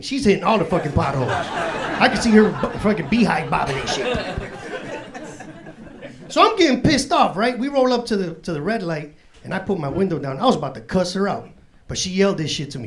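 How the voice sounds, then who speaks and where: Stand-up comic, man in his forties, high voice, laid-back and profane, live club set with a crowd roaring behind him. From Chicago south side. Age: 40s. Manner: profane, laid-back street talk, laughing through punchlines. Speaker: stand-up comedian. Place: comedy club stage. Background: audience laughter.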